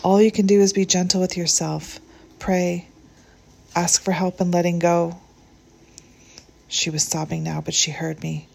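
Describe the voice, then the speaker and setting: A woman narrates a short story in a calm, measured manner. Her voice sits low and carries a gravelly, husky texture. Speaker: audiobook narrator. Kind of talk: reading a short story aloud.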